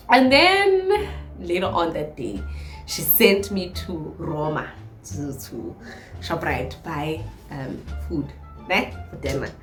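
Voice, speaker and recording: Animated South African woman telling a story. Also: lowish voice, echoey room. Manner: animated storyteller who acts out quoted lines. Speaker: vlogger. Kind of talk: storytime vlog.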